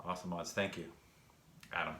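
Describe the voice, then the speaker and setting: Answering live chat while he works, this young gaming vlogger rambles breathlessly through his livestream with plenty of fillers. His deep voice stays level in tone, a little fast, pushed and bright, and the room echoes with faint noise in the background.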